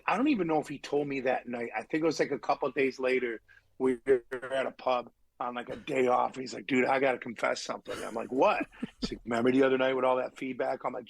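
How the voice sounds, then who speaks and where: A middle-aged man, a musician guest on a podcast, tells road stories in a casual, animated and profane way. He acts out the people he quotes. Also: mid-range voice, gravelly, breathy edge, dry recording, low-quality recording. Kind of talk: casual storytelling chat.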